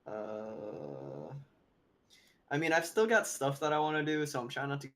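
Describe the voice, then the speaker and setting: Man, tabletop player, lively pitch, eager, swears a lot. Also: a little slow. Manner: enthusiastic, swearing, laughing. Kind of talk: casual tabletop game play.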